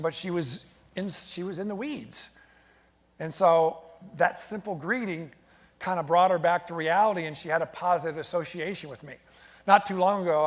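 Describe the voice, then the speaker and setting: A man giving a lively motivational keynote to a live audience, telling stories and drawing the crowd into call-and-response. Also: fairly high pitch. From United States. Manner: energetic, storytelling, engages the crowd with call-and-response. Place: large event hall with audience. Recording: long hall reverb. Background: audience responding and laughing.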